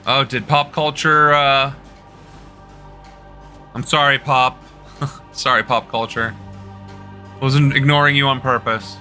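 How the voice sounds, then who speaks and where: A man's voice: mid-range voice, steady tone, takes it slowly, long pauses, bright, forceful tone, faint music behind. A young man chatting casually with his live-stream audience while playing a game, loose and joking. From United States. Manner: loose, joking, talking to chat. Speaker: political streamer.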